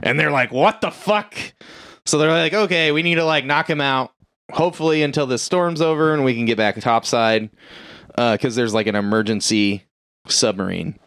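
A man rambling through a movie plot in loose, profane chat, filling his sentences with "like" and "uh". His voice is smooth and resonant and sits at a middle pitch. The sound is dry and close, with no room echo. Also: fairly even intonation, fairly quick, fairly bright tone. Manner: rambling, profane, lots of "like" and "uh", acts out characters' lines. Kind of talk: casual movie recap chat.

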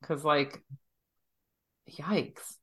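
A woman's voice: low-pitched, extremely slow, breathy edge. A woman talking reflectively in a casual chat, often acting out what others say. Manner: reflective, quotes others in playful voices.

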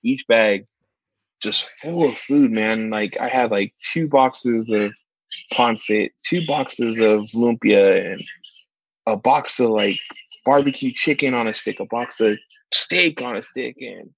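A man co-hosting a casual chat, telling stories with lively, much higher put-on voices for the people he quotes. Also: slow, breathy edge, dry recording, poor audio. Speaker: podcast co-host, church ministry worker.

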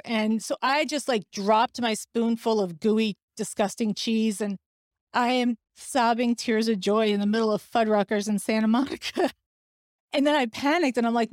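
A middle-aged woman hosting a podcast, telling a personal story in a lively way and acting out the dialogue she quotes. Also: a little high, moderate pace, no echo, studio quality. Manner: animated, acts out quoted dialogue. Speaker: podcast host.

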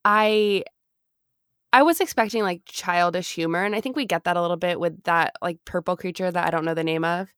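A woman's voice: lowish voice, brisk, fairly bright tone, clear, resonant tone, dry recording, studio quality. A woman in her twenties co-hosting a podcast, chatting casually, laughing often and restarting her sentences. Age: 20s. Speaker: podcast co-host. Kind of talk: casual chat.

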